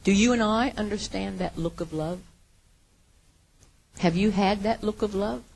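A woman preaching a sermon, earnest, moving from hushed, quiet lines to emphatic ones. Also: medium pitch, measured pace, gravelly, husky.

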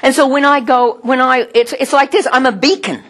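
A middle-aged woman, giving a sermon with personal stories in a chatty, animated way and often laughing. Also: high-pitched, fairly quick.

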